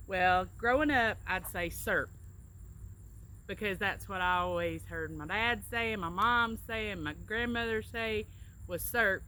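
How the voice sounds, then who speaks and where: Chatty Southern woman with bright voice. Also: medium pitch, moderate pace. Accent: Southern US, Alabama. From Alabama, US. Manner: chatty, explains words with anecdotes. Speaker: co-host, travel agent. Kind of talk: casual accent-tag chat.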